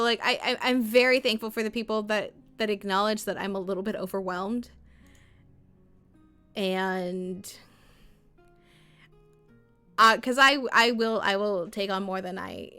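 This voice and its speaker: A woman's voice: medium pitch, sharp tone, smooth. A woman streamer chatting casually while playing a game, rambling and acting out her own and others' lines.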